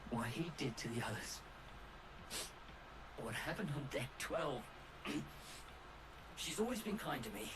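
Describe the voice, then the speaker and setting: Game role: a broke scrap dealer, pleading and colloquial, noise audible behind. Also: male voice, medium pitch, sing-song, takes it slowly, long pauses. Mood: wistful. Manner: pleading, working-class colloquial. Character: down-on-his-luck indebted male scrap dealer.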